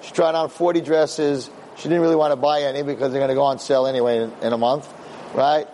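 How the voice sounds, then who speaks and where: A man giving a lively Torah lecture as a rabbi, acting out quotes in a storyteller's manner and building to excited peaks. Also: medium pitch, fast talker, slight background noise, poor audio.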